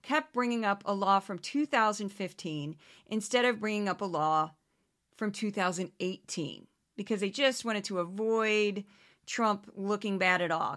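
Woman host, bright, crisp voice, animated and sarcastic, casual monologue. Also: mid-range voice. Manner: animated, sarcastic, mimics others in exaggerated voices. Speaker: podcast host.

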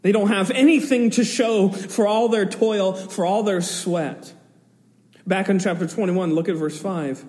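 A man's voice: high voice, unhurried, a little mellow, in a large hall. A man preaching an expository sermon, retelling a scripture story vividly with chuckling asides.

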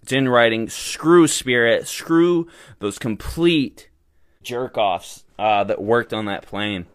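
A man's voice: medium pitch, takes it slowly, clean tone, dry recording. A young man hosting a podcast, telling a story in a rambling, indignant rant full of fillers. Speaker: podcast host. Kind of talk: casual storytelling monologue.

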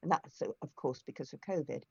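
A low-voiced older woman talks as an interview guest, telling long anecdotes in a chatty, meandering way with plenty of fillers and false starts. The recording is dry and a little muffled. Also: quick pace, creaky, warm tone, husky, no echo. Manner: chatty storyteller with frequent restarts and fillers. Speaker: interview guest, former foster carer. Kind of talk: conversational interview.

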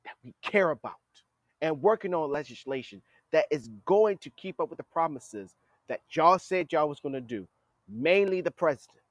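On his podcast, a man with a high, highly animated voice rails bluntly against political leaders, addressing them head-on in a scolding manner. The audio is dry and close, without any echo.

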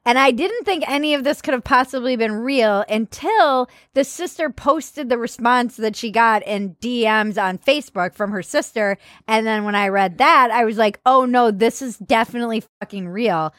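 A woman's voice: on the high side, expressive, normal speed, few pauses, a bit bright, dry recording, clean studio sound. A woman co-hosting a comedy podcast in casual chat, blunt and sarcastic, swearing freely. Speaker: podcast co-host.

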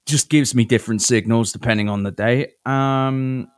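A British man hosting a podcast, ranting in casual, profane chat and mocking people with quick impressions. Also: mid-range voice, fairly even intonation, clean tone, no echo, clean studio sound. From Britain. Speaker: podcast host.

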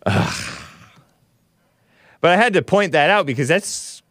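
A man's voice: a little high, fairly bright tone, no room sound, studio quality. A man hosting a live call-in stream, reading viewer messages in casual talk, often laughing, sighing and groaning in disgust. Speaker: show host reading super chats.

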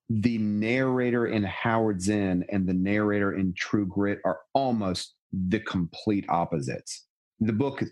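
Thoughtful low-voiced man. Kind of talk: casual literary discussion.

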